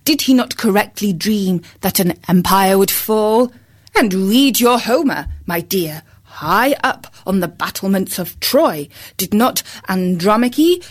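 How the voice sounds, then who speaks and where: A woman voicing a proud, boastful male rooster who lectures his wife in a pompous way, in a storybook reading. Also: mid-range voice.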